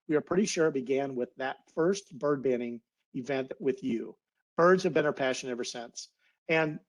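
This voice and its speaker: A man's voice: medium pitch, rough recording. A man giving an earnest, heartfelt webinar talk over a video call, getting a little emotional. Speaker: guest speaker, naturalist biologist.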